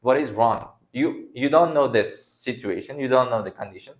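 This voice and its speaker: A man's voice: mid-range voice, normal speed. A man whose first language is Uzbek, teaching an English grammar lesson to a class and acting out example sentences. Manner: acts out example sentences, non-native phrasing.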